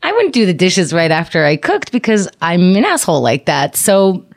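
A woman's voice: lowish voice, big pitch swings, normal speed. A woman hosting a casual advice podcast, chatty and acting out quoted lines. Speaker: podcast host.

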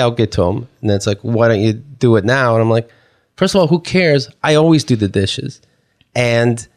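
A man co-hosting a casual advice podcast, telling a story and mimicking voices in a high pitch when quoting. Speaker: podcast co-host.

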